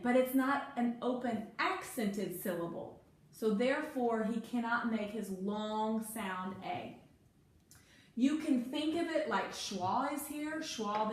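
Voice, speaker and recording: A woman teaching a one-on-one phonics lesson, patient, stretching out key words for emphasis. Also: fairly high pitch. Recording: very echoey room, faint noise.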